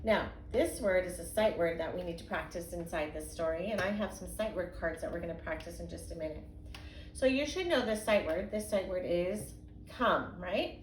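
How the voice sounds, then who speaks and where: A young woman teacher gives a phonics lesson from home to young children, patiently sounding out words slowly in a sing-song way. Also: on the low side. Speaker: kindergarten and first grade teacher. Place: home, indoors. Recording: echoey room with faint background hum.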